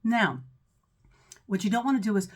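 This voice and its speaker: A woman's voice: mid-range voice, expressive, normal speed. Encouraging woman voice teacher, mezzo-soprano. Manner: encouraging, often checking in with "right?" and "okay?". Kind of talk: instructional breathing lesson.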